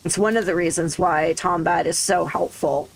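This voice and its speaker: A woman's voice: fairly low pitch, steady tone, moderate pace, gravelly, low-quality recording. A woman livestreaming a game, chatting casually, thinking aloud and laughing easily into a desk microphone. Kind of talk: casual gaming commentary.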